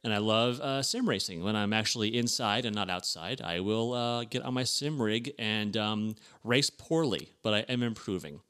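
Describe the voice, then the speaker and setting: A man's voice: fairly low pitch, a bit bright, clean tone. A man co-hosting a casual car podcast, speaking in an easygoing, agreeable way. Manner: easygoing, agreeable, quick backchannels. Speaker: podcast co-host.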